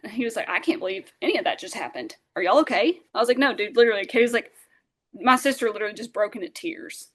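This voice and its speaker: A woman, a podcast guest telling a lively story and acting out the voices of those in it. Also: mid-range voice, fast. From Southern Alabama. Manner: animated, acts out dialogue, many fillers. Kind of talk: storytelling in casual interview.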